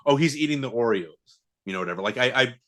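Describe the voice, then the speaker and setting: A man's voice: mid-range voice, expressive, fast, fairly bright tone. A man co-hosting a podcast, chatting casually about a film with many fillers, restarts and laughs. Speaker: podcast co-host. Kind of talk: casual movie chat.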